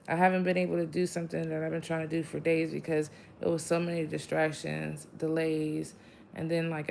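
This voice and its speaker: A low-pitched woman with a heavily gravelly, fry-laden voice gives a casual spiritual pep talk. She is blunt and profane and rambles through many fillers. A faint hiss of noise sits behind her. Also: darkish tone. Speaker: vlogger giving motivational talk.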